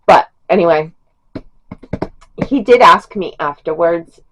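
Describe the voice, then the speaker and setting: A woman's voice: lowish voice, lively intonation, slow, a bit bright, a little hiss or hum, poor audio. A middle-aged woman chatting casually as a book reviewer, rambling with fillers and small laughs. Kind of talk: casual chat.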